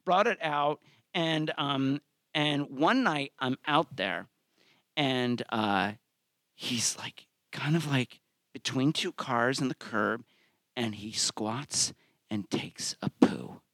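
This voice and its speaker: A man's voice: mid-range voice, slow, fairly bright tone, no room sound, studio quality. A man hosting a live story slam, telling a comic personal story and acting out the quotes in it with big swings of his voice. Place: theater stage.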